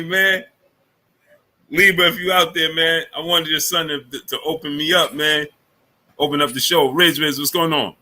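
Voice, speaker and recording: Bright-voiced man greeting his live chat. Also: a little high. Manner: greets chat users one after another, many fillers and repeats. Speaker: livestream sports show host. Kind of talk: casual live chat reading viewer names.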